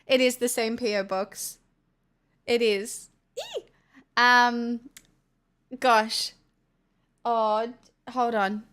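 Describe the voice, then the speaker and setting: A high-voiced woman with an Australian accent chats casually to her livestream audience. She is playful and self-mocking, rambling between jokes. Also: animated, extremely slow, long pauses, fairly bright tone, clean tone. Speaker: streamer.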